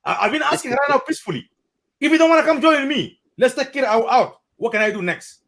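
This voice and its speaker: A man's voice: very high voice, lively intonation, fast, a bit bright. A man with a South Sudanese accent hosting a heated debate, talking with passion and repeating himself for emphasis.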